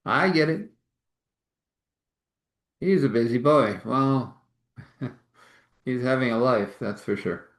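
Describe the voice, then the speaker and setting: A man telling a spiritual story in a relaxed way, laughing often. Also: medium pitch, slow pace, pauses often. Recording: roomy echo.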